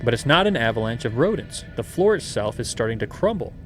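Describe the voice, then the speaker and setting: A man hosting a playthrough, reading a gamebook aloud in a steady way and adding chatty asides. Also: mid-range voice, fast talker, faint music behind. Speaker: host and gamebook narrator.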